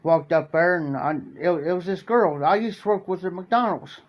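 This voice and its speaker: A man's voice: high voice, moderate pace, dull audio. A man, hosting a live stream and telling a story in a rambling, repetitive way. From Ohio. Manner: rambling, repeats "I said" often. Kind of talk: casual storytelling.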